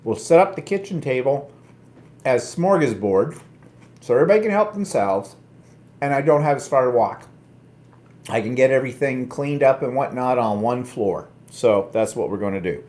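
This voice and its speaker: A man's voice: mid-range voice, lively intonation, moderate pace, a little mellow. A middle-aged man with a Canadian accent, hosting a casual, rambling live chat with a self-mocking humor. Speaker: host.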